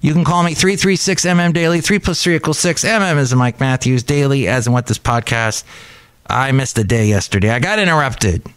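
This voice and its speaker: Man, podcast host, casual rambling chat, mid-pitched voice, dry close sound. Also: fairly quick, fairly bright tone, smooth, no echo. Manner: rambling, chatty, drifts between asides.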